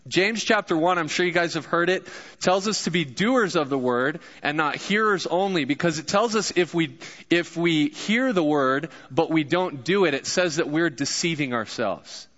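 A man's voice: fairly high pitch, lively intonation, moderate pace, few pauses, a bit bright. A young man giving a casual, joking sermon to a live congregation as a guest pastor. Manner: casual, joking, addresses crowd directly. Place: church hall, live congregation. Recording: dull echoey church hall recording.

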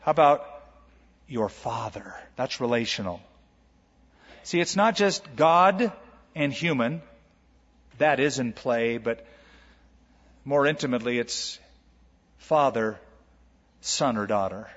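A male pastor giving a sermon in an animated, emphatic and humorous way. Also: medium pitch, takes it slowly, long pauses. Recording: lo-fi with long hall reverb.

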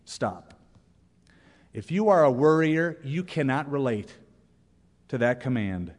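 A man preaching a sermon as pastor, lively and humorous, reading out examples and scripture. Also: mid-range voice, takes it slowly. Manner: animated, reads quotes with humor. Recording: long reverb of a church hall.

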